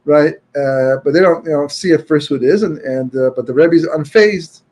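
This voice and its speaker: Husky, higher-voiced man telling a story. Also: moderate pace. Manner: chatty, frequent "you know" and restarts, peppered with Yiddish and Hebrew terms; grows loud and emphatic when arguing a point. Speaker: Torah speaker. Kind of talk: storytelling talk.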